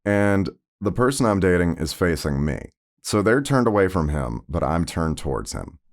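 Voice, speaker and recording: A man hosts a personal storytelling podcast, talking in a loose, rambling way full of fillers. His voice sits very low with a gravelly edge. It moves up and down a lot as he tells the story. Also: big pitch swings, moderate pace. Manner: conversational, rambling with many fillers. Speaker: podcast host.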